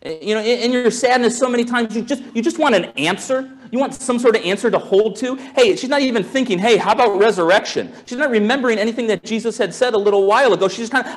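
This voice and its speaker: A man preaching a sermon as pastor, musing aloud with restarts and rhetorical questions, moving from quiet and low to raised and fervent. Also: fast talker, few pauses. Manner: swings from soft and low to raised and intense.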